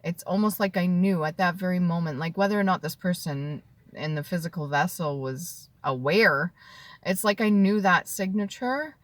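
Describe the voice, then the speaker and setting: A woman in her thirties telling an emotional personal story to the camera, tearful and heartfelt, dropping at times to a soft whisper. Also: on the low side, moderate pace, dry recording. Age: 30s. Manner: tearful and heartfelt, drifting between soft whispers and earnest talk. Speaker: vlogger.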